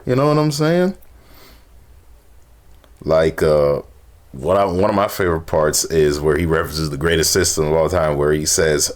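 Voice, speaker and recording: A man hosting a casual music reaction, animated, laughing and humming beats between his comments. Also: extremely low pitch, normal speed, pauses often. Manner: animated, laughs often, hums beats and sings along. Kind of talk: casual music review chat.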